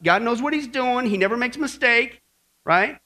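A man preaching a sermon in a lively way, often checking in with the congregation. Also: extremely high pitch, moderate pace. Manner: lively, keeps checking in with "okay?" and "right?".

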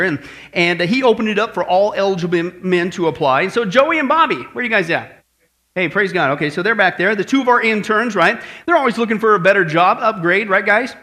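A man preaching a sermon, joking with the congregation and addressing them directly. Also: sits high. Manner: joking, energetic, talks to the congregation. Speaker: pastor.

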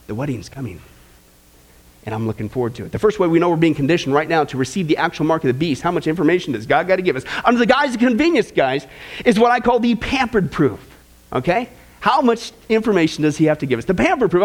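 A man preaching a sermon in an animated way, acting out the voices of the people he quotes. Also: on the high side, quick pace.

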